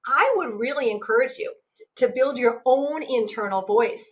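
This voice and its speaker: A woman in her forties talking casually about parenting as a guest, animated and acting out the voices she uses. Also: on the high side, normal speed. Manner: animated, acts out her own inner voice. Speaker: guest, self-compassion teacher. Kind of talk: casual podcast conversation.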